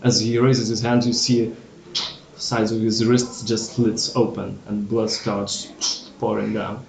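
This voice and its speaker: Slow, echoey male game master. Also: lowish voice, flat delivery, vocal fry, noisy background. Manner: slow, grim scene narration with pauses. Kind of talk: narrating a tabletop game.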